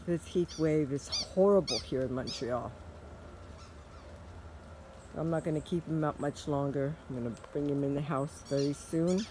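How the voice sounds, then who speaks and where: A woman vlogging outdoors in a yard, talking to her dog in high sing-song baby talk. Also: dark tone, slight background noise.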